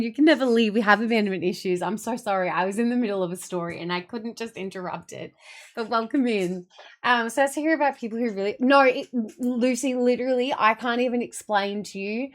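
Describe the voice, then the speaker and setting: A woman streamer in casual chat with her viewers, telling stories in a rambling, chatty way with many fillers and casual swearing. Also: a little high.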